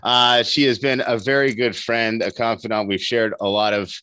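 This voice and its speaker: A man's voice: medium pitch, steady tone, moderate pace, sharp tone, smooth, no room sound. A man from Canada hosting a podcast over a remote call, chatting casually, restarting sentences and laughing often. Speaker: podcast host.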